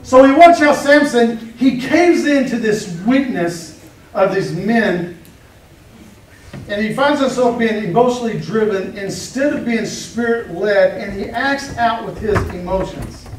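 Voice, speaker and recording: A male pastor preaching a sermon, animated and joking as he acts out the story's quotes. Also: sits high, unhurried, slight background noise. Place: church hall. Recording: echoey room, mic at a distance.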